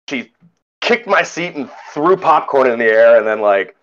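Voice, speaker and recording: A man telling a story in casual chat as a podcast host, animated and acting out the people in it. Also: medium pitch, moderate pace, dull audio. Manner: animated, mimics others in quoted lines.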